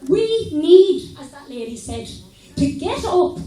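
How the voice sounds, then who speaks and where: Irish woman, indignant, plain-spoken, high mellow voice, roomy hall sound. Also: sing-song, takes it slowly. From Ireland. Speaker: audience member speaking at a public meeting. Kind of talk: impassioned speech from the floor. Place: public meeting hall. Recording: echoey hall, mic from far off.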